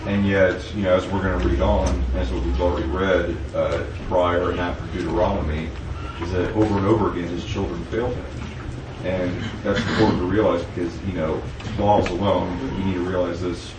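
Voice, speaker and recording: A man's voice: deep voice, level tone, fairly quick. A man in a Bible class offering a hesitant comment with many fillers. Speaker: class member. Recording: echoey room, far mic, noisy.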